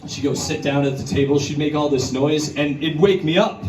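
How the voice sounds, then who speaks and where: A male stand-up comedian doing a crude, conversational set at a brewery show, jumping into high, put-on voices to act out scenes. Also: moderate pace, darkish tone, a little hiss or hum. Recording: roomy bar recording from a distance. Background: audience laughter and bar ambience.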